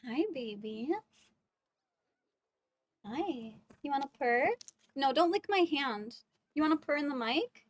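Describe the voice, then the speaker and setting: A woman's voice: sits high, expressive, normal speed. A woman streaming live from home on a wireless mic, chatting casually and giggling as she coos baby talk to her cat.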